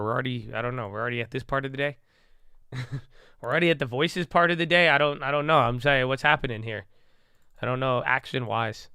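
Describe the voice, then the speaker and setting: A man's voice: mid-range voice, gravelly, bright, forceful tone, clean tone, no room sound, studio quality. A man casually talking through stock moves on a livestream, rambling and joking, often trailing off into mumbles. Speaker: stock market livestream host. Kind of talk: casual live market commentary.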